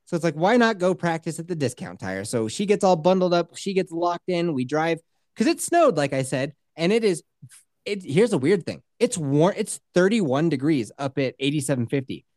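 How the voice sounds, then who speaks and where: A woman's voice: low voice, very animated, moderate pace, darkish tone, no echo, clean studio sound. A woman co-hosting a podcast, telling a long story in a casual way, cursing freely and acting out what other people said. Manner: swears freely and acts out other people's voices. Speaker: podcast co-host.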